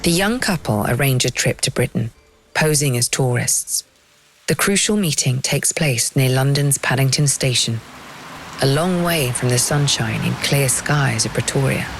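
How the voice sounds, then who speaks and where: A woman giving scripted documentary narration in a measured, dramatic storytelling manner. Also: very deep voice, a little hiss or hum.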